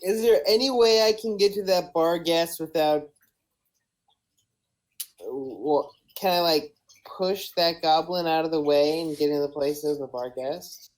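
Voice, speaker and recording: A woman's voice: sits low, measured pace, darkish tone, poor audio. A woman playing a tabletop game, tentative and thinking aloud. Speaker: player.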